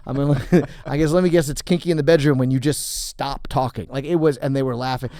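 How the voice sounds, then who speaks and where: A man, a comedian guest, telling animated stories in a casual studio podcast chat. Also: medium pitch, fairly quick, no room sound.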